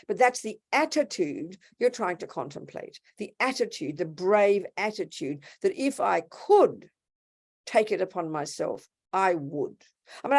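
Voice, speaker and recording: A woman giving a casual, blunt Buddhist teaching, acting out quoted voices along the way. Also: medium pitch. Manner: animated, acts out quoted voices; blunt and informal. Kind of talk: casual dharma talk.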